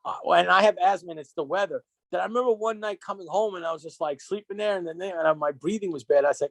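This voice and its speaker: A man's voice: high voice, fast talker, creaky, hardly any pauses, dry recording. A man co-hosting a casual podcast, swearing freely and acting out quotes as he tells stories. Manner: profane, storytelling with acted-out quotes. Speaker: podcast co-host.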